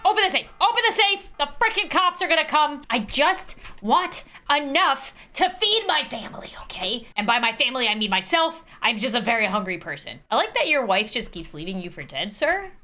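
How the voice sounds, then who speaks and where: A young woman narrates her gameplay in an excitable let's play style, chatting to the people in the game and yelping. Her voice sits high and swings widely, with a bright, sharp edge. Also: moderate pace, hardly any pauses. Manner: excitable, yelps and laughs, chats to game characters. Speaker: gaming video creator.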